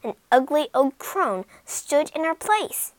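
A woman narrating a fairy tale in an expressive, dramatic storytelling manner. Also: high-pitched, slow pace, no room sound, poor audio.

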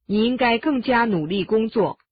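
A woman reads short lesson prompts with lively, rising and falling intonation. Her voice is distinctly husky and breathy. The recording is dry and muffled, like an old lo-fi lesson tape. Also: on the high side, moderate pace. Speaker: lesson narrator giving Chinese prompts. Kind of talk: scripted lesson narration. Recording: dull, dry lo-fi studio recording.

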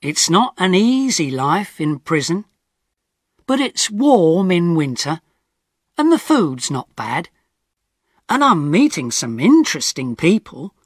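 Man reading an easy-English story slowly. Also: high voice, no echo, clean studio sound. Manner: expressive, clearly paced reading for learners. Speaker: audiobook narrator. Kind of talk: scripted first-person story narration.

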